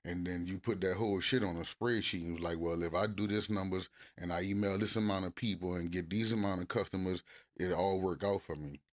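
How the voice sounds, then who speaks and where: A man co-hosting a couples podcast, talking casually and cursing freely, getting loud and animated when he acts out arguments. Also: deep voice, brisk. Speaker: podcast co-host.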